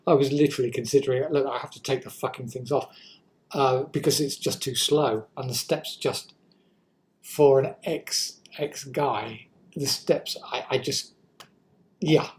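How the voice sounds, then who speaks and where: A woman's voice: sits low, darkish tone, low-quality recording. A woman in her sixties with an English accent, vlogging in a rambling, self-deprecating way and swearing freely. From England. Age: 60s. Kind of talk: casual talk to camera.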